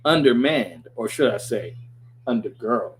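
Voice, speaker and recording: A man's voice: mid-range voice, expressive, unhurried, a little hiss or hum, close to an everyday voice. A man reading the lines of a corny, middle-aged male scientist dad in a hammy, earnest way.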